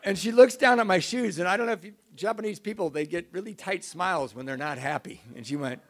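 A middle-aged man telling a self-mocking recovery story to an audience, in an animated way. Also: high voice, fast talker. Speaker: speaker sharing recovery story.

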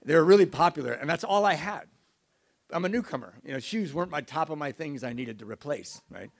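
A middle-aged man telling a self-mocking recovery story to an audience, in an animated way. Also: on the high side, a little fast, vocal fry. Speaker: speaker sharing recovery story.

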